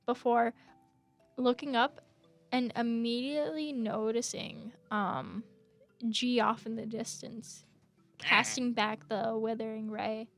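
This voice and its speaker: A woman's voice: a little high, fairly bright tone. A young adult woman narrating a tabletop game as game master, with lots of fillers and hesitations.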